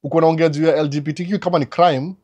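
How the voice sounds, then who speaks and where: A man's voice: a little high, rapid-fire, highs cut off. Man lecturing in code-switched chat. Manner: switches between English and Swahili mid-sentence; animated, lecturing, asks rhetorical questions. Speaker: live Q&A host. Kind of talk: casual live-stream advice chat.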